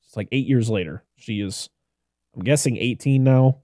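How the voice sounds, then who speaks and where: A man's voice: medium pitch, moderate pace, dark tone, no echo, studio quality. A man co-hosting a film podcast, chatting casually and retelling scenes while laughing often. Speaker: podcast co-host. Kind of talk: casual film-review chat.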